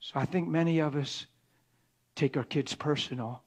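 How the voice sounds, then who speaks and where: A middle-aged man preaching in a conversational sermon, often dropping to a hushed whisper for emphasis. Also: fairly high pitch, fairly even intonation, normal speed, breathy edge.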